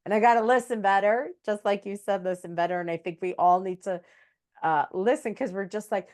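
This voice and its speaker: A woman's voice: mid-range voice, moderate pace, darkish tone. A woman hosting an interview, telling stories in a chatty way and laughing often. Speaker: host, psychic medium. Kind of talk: casual interview chat.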